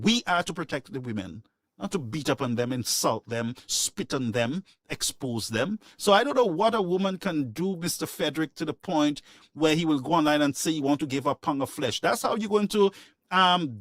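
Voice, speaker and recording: Hosting a call-in radio show, this man delivers opinionated, preachy talk with real passion, hammering his points through repetition. His voice is a little high and a bit bright, and the dry recording has studio quality.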